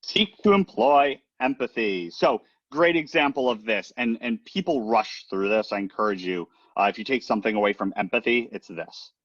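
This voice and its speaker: A man's voice: lowish voice, normal speed, hardly any pauses, a bit bright, dry recording, highs cut off. A man giving a casual training talk on recruiting, chatty and often checking in with the listener. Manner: chatty, leans on "right?" and "um" as he talks. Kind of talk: casual presentation.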